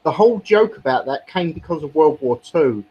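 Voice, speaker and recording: A man in casual stream banter, blunt and ready to argue. His voice is a little husky and sits somewhat high, with a lively rise and fall. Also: a little fast, muffled recording. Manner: argumentative, blunt. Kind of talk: casual chat.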